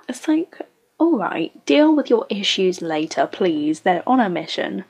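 A woman's voice: medium pitch, big pitch swings, measured pace, a little mellow, breathy edge. Sarcastic woman reacting to a show. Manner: sarcastic, blunt, swears freely. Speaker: show reviewer. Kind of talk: casual reaction commentary.

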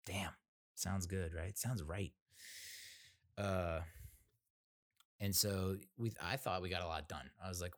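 Low-voiced dude rambling and cussing, dry close sound. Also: male voice, steady tone, unhurried, long pauses, no echo. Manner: rambling, profane, self-mocking. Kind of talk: casual storytelling monologue.

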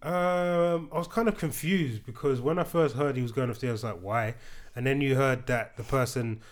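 A man's voice: medium pitch, a little fast. Man casually telling a story. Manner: conversational storytelling with hesitations. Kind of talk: casual chat.

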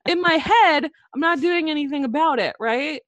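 A woman's voice: high voice, normal speed, fairly bright tone, dry recording. A young woman co-hosting a casual podcast. She tells stories full of swearing and giggles, and drops her voice when she quotes other people. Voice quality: profane, giggly storytelling. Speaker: podcast co-host.

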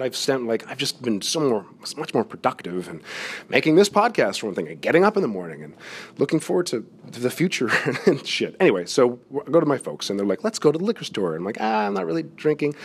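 A man's voice: fairly low pitch, breathy edge. A man hosting a comedy podcast, talking candidly and self-deprecatingly on his own from a gym's yoga room, swearing often. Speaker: podcast host. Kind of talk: casual confessional monologue.

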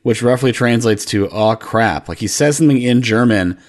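A man's voice: medium pitch, moderate pace. A man co-hosting a casual chat podcast, hesitant and restarting his sentences. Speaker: podcast co-host.

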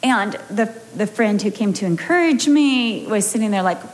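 An American woman pastor preaching a sermon, telling a personal story with lively acted-out quotes. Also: medium pitch, moderate pace. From United States.

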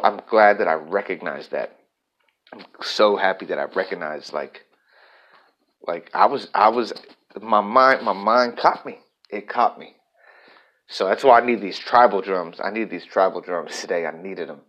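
A man's voice: sits low, a bit bright, lo-fi sound. A man vlogging a personal, reflective monologue, talking candidly and rambling with frequent restarts.

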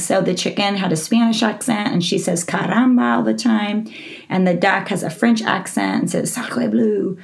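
A woman's voice: medium pitch, darkish tone. A woman hosting a teaching podcast, explaining a classroom reading lesson in a friendly way, with frequent ums and restarts. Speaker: literacy teaching podcast host. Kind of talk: instructional podcast talk.

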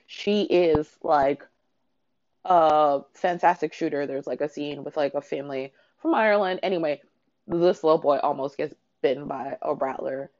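Low-voiced excitable woman gushing about a book. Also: no echo, muffled recording. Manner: excitable, swears freely, lots of "like" fillers. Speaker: book reviewer. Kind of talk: casual spoiler-filled book chat.

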